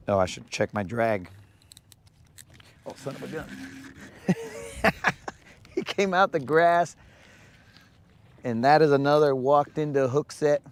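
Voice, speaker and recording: A man's voice: mid-range voice, clear, resonant tone. A man hosting a live fishing vlog outdoors on a lake, with playful, hyped banter full of Spanish slang. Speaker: angler, channel host.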